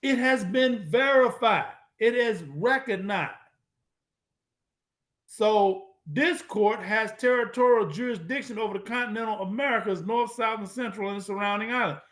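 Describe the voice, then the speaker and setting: A man giving an emphatic lecture, repeating phrases for emphasis, with a casual, slangy, drawn-out delivery. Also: high-pitched, fairly bright tone. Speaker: speaker presenting to an online audience. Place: at a computer, sharing his screen.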